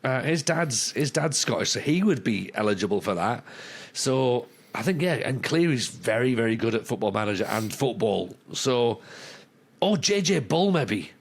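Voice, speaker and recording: A man's voice: medium pitch, very animated, moderate pace, slightly rough. A man co-hosting a podcast in casual chat with a dry, wry sense of humour. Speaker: podcast co-host.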